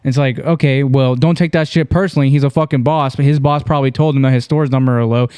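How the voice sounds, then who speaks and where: A man of middle pitch co-hosts a casual podcast. He talks to the listeners directly and crudely. His voice sounds dry and close, with no room around it. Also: fairly even intonation, quick pace, darkish tone, smooth, no echo. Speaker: podcast co-host.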